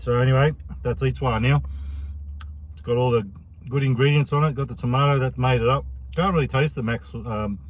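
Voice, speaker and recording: A man's voice: mid-range voice, fairly even intonation, brisk, a little hiss or hum. Chatty Australian man reviewing burgers. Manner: rambling, chatty, slangy. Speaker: food reviewer. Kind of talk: casual food review vlog.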